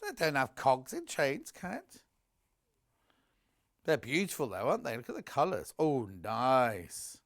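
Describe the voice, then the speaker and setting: A man's voice: a little high, wildly swooping pitch, normal speed, pauses often, fairly bright tone. A man presenting a live home shopping broadcast, chatty and gushing, reading out viewer messages as he shows products.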